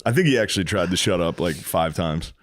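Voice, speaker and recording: A man with a lowish voice chats on a podcast, trading crude stories and breaking into laughter as he quotes others. He is in his thirties and talks in a loose, profane way. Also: expressive, brisk, no room sound, clean studio sound. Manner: profane, laughing storyteller who acts out quotes. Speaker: podcast host. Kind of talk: casual chat.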